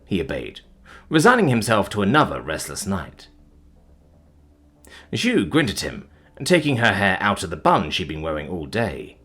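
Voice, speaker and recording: A man's voice: on the low side, a bit bright, husky. A man narrating a science fiction story expressively as an audiobook reader.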